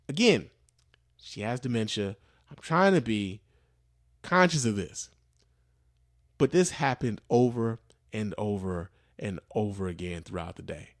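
A man's voice: on the high side, expressive, normal speed, no room sound, clean studio sound. A man hosting a podcast, telling a story casually with profanity and lots of fillers. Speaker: podcast host.

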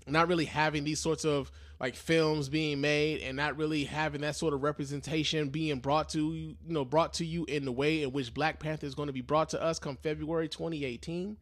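A man's voice: a little high, fairly even intonation, a little fast, few pauses. A young man hosting a live podcast in loose, profane slang, talking casually and with a lot of energy. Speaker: podcast host.

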